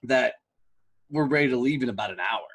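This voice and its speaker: A man hosts a podcast in a relaxed, easygoing chat, with his thoughts trailing through fillers. His voice sits in a middle pitch with a slightly husky grain. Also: brisk. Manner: easygoing, laid-back, with many fillers. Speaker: podcast host. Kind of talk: casual chat.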